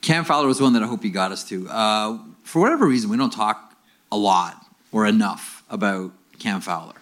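A man's voice: fairly low pitch, lively intonation, moderate pace, a bit bright. A man co-hosting a live hockey podcast, asking casual, probing questions. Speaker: podcast co-host.

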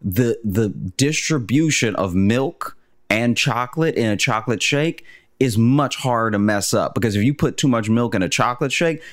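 A man co-hosting a comedy podcast, making his points in a measured, halting way. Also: mid-range voice, lively intonation. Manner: measured, halting, lots of restarts. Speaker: podcast co-host. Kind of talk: casual comedic debate.

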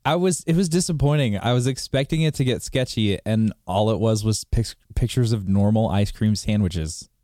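A man's voice: on the low side, moderate pace, hardly any pauses, dark tone, dry recording, studio quality. A man co-hosting a casual podcast, laid-back and reacting with amusement. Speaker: podcast co-host.

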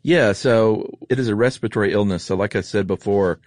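A man's voice: lowish voice, brisk, darkish tone, no echo, studio quality. A man, chatting casually as a podcast co-host and telling jokey stories. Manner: laid-back, jokey storyteller. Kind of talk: casual conversational chat.

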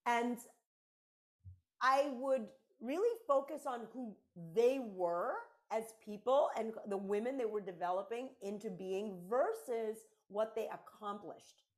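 A woman's voice: fairly high pitch, slow. A middle-aged woman talking as a podcast guest and mentor, in an emphatic, conversational way that repeats key phrases.

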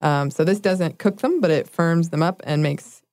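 Low-pitched lady cohost, chatty, giggly, dry studio sound. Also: normal speed, a little mellow, no room sound. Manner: laughs often, self-correcting. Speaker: podcast co-host. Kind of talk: casual chat.

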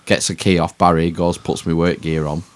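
A man's voice: deep voice, level tone, normal speed. A man telling a rambling, sweary story as a podcast co-host. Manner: rambling, swears freely, self-mocking. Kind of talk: casual storytelling chat.

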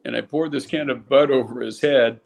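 An older man from California, a former baseball player, telling lively stories in a casual interview and acting out the quotes. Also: a little fast, creaky. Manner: animated storyteller, acts out quotes with raised pitch.

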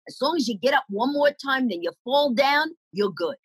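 A middle-aged woman comedian telling life stories in an interview, animated and acting out the voices of the people she quotes. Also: sits high, normal speed, slightly rough, no echo, rough recording. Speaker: comedian guest. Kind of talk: storytelling interview answers.

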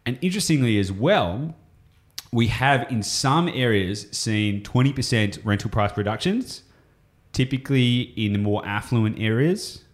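A man's voice: medium pitch, expressive, measured pace. An Australian man explaining property investing on a podcast, enthusiastic and rambling, often going off on tangents.

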